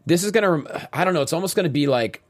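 A man co-hosting a wrestling after-show in casual chat, relaxed and chatty, often trailing off mid-sentence. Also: fairly high pitch, racing. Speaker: co-host.

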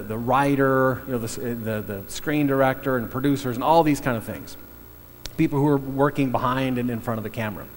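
A middle-aged man telling a story in a sermon, halting, with many fillers and restarts. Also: medium pitch, big-room sound.

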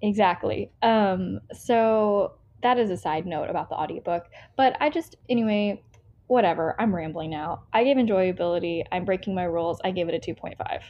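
A young American woman with a lowish voice co-hosts a book podcast, chatting casually at a moderate pace. She rambles through her book review talk, full of fillers and cutting herself off. The recording has a slightly dull, lo-fi quality.

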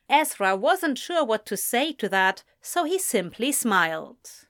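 A woman narrating an audiobook in a gentle, measured storytelling voice. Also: medium pitch, big pitch swings, dry recording, clean studio sound. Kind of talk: scripted narration.

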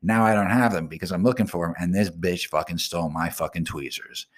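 A man's voice: low voice, fairly quick. A middle-aged man who hosts a radio show, telling a story in a brash, profane, ranting monologue. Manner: brash, swearing, animated rants.

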